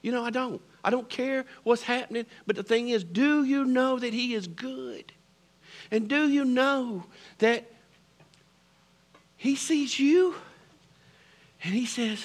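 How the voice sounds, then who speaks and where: A middle-aged man with a Southern American accent preaching a sermon, swinging between loud declarations and hushed near-whispers. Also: very high voice, a little slow. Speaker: pastor.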